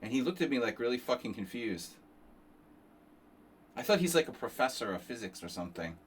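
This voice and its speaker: A man's voice: mid-range voice, very animated, fairly quick, husky. A tired man chatting casually on a chess stream, rambling and cursing, with many restarts.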